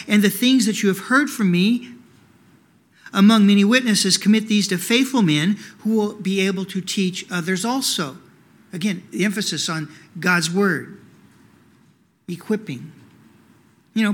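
A man with a high voice preaching a sermon from the pulpit. He talks conversationally, with plenty of "you know" fillers. He keeps asking his listeners rhetorical questions. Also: a bit bright. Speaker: pastor.

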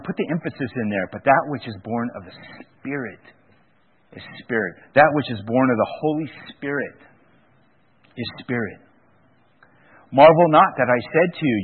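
A man preaching a sermon, driving points home by repeating key words. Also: medium pitch. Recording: tinny phone-like radio broadcast.

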